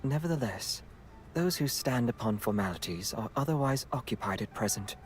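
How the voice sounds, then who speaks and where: A woman streamer voicing a calm, courteous young gentleman from a game in a put-on British accent, low, quiet and measured. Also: faint music behind. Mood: composed.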